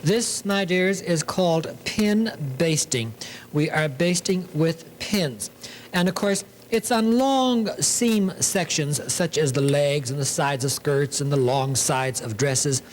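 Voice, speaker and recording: A man's voice: a little high, animated, slow pace, slight background noise, poor audio. A man hosting a sewing demonstration, talking in a theatrical, camp way, full of 'lovely' and 'darlings'. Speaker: sewing show host.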